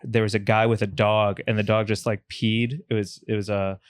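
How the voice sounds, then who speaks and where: Low-voiced, blunt comedian man. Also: little pitch movement, moderate pace, smooth. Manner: blunt, self-mocking, swears casually. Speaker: comedian guest. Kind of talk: casual chat.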